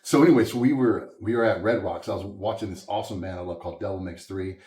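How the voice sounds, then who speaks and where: A man from Southwest Louisiana talks fast, telling a story as a guest in a coffeehouse interview. He swings into lively voices when he quotes other people. The room gives his voice a noticeable echo. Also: low-pitched. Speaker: musician guest. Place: coffeehouse, indoors.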